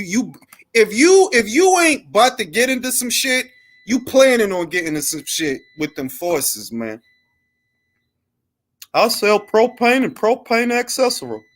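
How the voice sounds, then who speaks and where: A man's voice: on the high side, a bit bright. A man hosting a boxing talk show, chatting loosely with slang and jokes. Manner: loose, joking, slangy banter. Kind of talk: casual live-stream chat.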